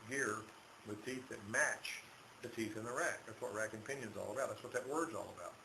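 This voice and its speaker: A man's voice: lowish voice, a little fast, gravelly. A male automotive instructor lecturing a class, quizzing students and drilling terms by repetition. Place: auto shop classroom. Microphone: far camera. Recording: echoey shop with loud background noise.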